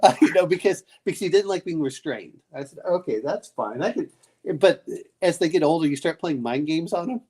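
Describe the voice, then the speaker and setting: A man's voice: a little high, expressive, a little fast, dark tone, slightly rough. A man chatting late at night, telling rambling family stories and acting out what people said, with many restarts. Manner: rambling storyteller, restarts often, acts out quotes. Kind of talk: casual late-night chat.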